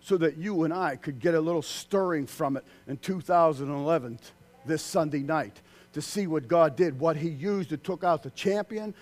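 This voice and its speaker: A man preaching a sermon, swinging from loud, excited outbursts to hushed, quiet passages. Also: a little high, normal speed.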